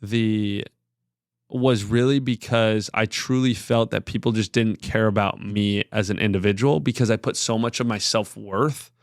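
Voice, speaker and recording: A man's voice: on the low side, fairly even intonation, normal speed, no room sound, clean studio sound. A man in his thirties, a podcast guest, sharing a personal story in an earnest, rambling way with many filler words. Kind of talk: candid conversational storytelling.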